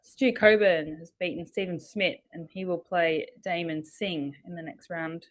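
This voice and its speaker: An Australian woman co-commentating live darts, briskly running through results and laughing along with her partner. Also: fairly low pitch, steady tone.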